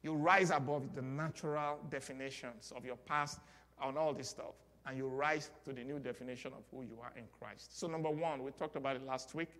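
A man with a Nigerian accent preaching a sermon, leading call-and-response and building to loud exclamations. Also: mid-range voice, fairly even intonation, brisk. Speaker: pastor. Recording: long hall reverb.

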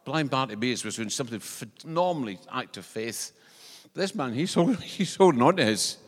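A Scottish man preaching a sermon in a church, conversational and animated, with joking asides. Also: mid-range voice, brisk. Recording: long church-hall reverb.

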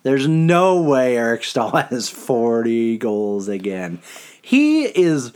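A young man co-hosting a casual hockey podcast, rambling and animated, laughing often. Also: mid-range voice, slow, clean tone. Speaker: podcast co-host.

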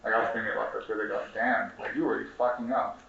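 A young Chicago man of Mexican heritage, a community organizer, delivers a passionate, profane conference speech, repeating himself and questioning the audience. His fairly low, fairly bright voice has vocal fry and a level tone at a fast clip. The distant, roomy, dull recording carries slight hiss or hum.

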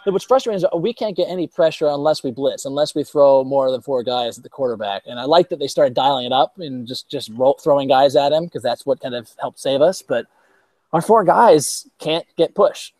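A man's voice: mid-range voice, brisk, darkish tone, no echo. A man hosting a casual sports podcast, talking chattily with frequent restarts and easy laughs. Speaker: podcast host.

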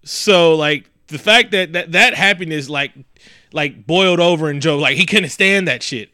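A man's voice: on the high side, moderate pace, no room sound, studio quality. A man in casual chat who rambles with lots of fillers and swears freely. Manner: profane, animated, rambling with many fillers.

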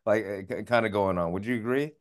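Laid-back podcast host, low voice. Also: male voice, quick pace. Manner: relaxed, says man and dude a lot. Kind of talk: casual interview chat.

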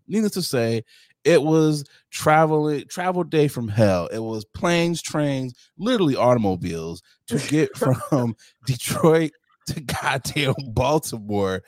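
A man's voice: mid-range voice, a little slow, no room sound, clean studio sound. A man co-hosting a casual podcast, telling travel stories with lots of laughter and acting out the other people's lines. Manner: animated storyteller who acts out the other people's lines and laughs often. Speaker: podcast co-host. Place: home to Detroit.

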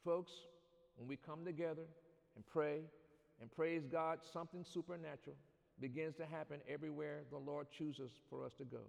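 A man preaching a sermon in a church, reading scripture and calling on the congregation to answer back, building to loud shouts. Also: fairly high pitch, fairly even intonation, normal speed, vocal fry. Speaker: pastor. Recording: long hall reverb.

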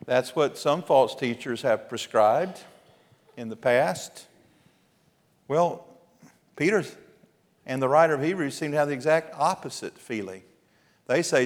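A man, a pastor preaching an earnest, exhorting sermon with emphatic pauses. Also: on the high side, animated. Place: church sanctuary. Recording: long hall reverb.

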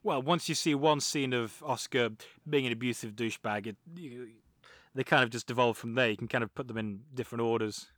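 A man, co-hosting a casual podcast and talking through a film with animated, mocking asides. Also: mid-range voice, a little fast, no room sound, studio quality. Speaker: podcast co-host.

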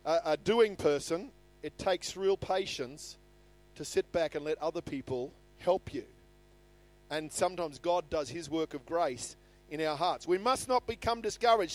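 A man's voice: sits high, dry recording. An older man preaching a sermon in an earnest manner, reading scripture aloud with rising emphasis. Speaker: pastor. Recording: faint music behind.

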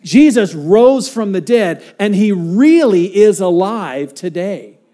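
A man preaching with a fairly high yet mellow voice. He is earnest and dynamic, sinking to near-whispers and then climbing to emphatic, drawn-out points. He tells stories and acts out what people said. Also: very animated. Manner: dynamic, swinging from hushed to emphatic; earnest storytelling with acted-out quotes. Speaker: pastor. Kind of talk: sermon.

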